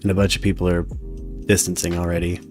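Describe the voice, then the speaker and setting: A man's voice: low voice, little pitch movement, quick pace, faint music behind. Rambling, profane male podcast host. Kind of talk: casual chat reading live chat comments.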